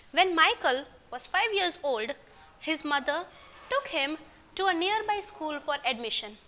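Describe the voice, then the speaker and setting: Bright high-voiced Indian teacher. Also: female voice. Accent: Indian English. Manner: patient, addresses children directly with frequent "right?". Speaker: school English teacher. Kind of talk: explaining a poem to a class.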